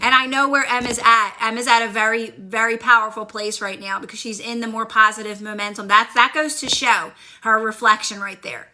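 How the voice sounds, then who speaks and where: This manifestation coach talks a little fast with hardly any pauses, her slightly high voice steady, bright and forceful. She coaches viewers over a phone livestream in an upbeat, encouraging way, responding to their comments in relaxed chat.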